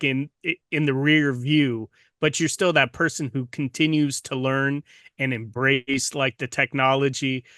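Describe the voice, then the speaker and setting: A man hosts a podcast in a bright, forward voice recorded close and dry. He praises his guest warmly and takes long, rambling runs at his questions, restarting often. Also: mid-range voice, no echo. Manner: admiring, rambling, with many restarts. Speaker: podcast host, program leader. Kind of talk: interview questions.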